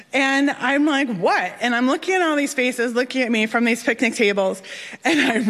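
A young woman telling a personal story on stage, animated and laughing, acting out the voices of others. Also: sits high. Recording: long hall reverb.

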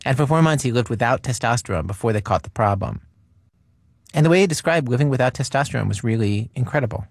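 A man hosting a radio show, narrating a scripted introduction in a wry, measured way. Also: medium pitch, lively intonation, dry recording, studio quality. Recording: music bed underneath.

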